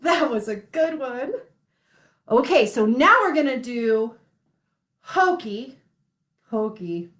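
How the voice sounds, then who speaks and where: Woman, young adult, children's music host, playful, encouraging, unhurried, roomy echo. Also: on the high side, big pitch swings, fairly bright tone. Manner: playful, encouraging, laughs often. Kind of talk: playful kids' sing-along show.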